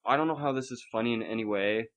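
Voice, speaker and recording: A man's voice: medium pitch, fast, fairly bright tone, low-quality recording. A young man co-hosting a casual podcast, telling a story in a swearing, theatrically upset rant. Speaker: podcast co-host.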